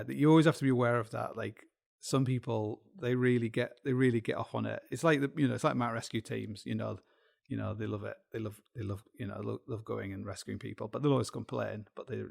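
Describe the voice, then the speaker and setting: A middle-aged Yorkshireman hosts a podcast alone, wandering through a self-deprecating monologue packed with restarts and asides. His voice is lowish, creaky and a little mellow, with fairly even intonation and a fast pace.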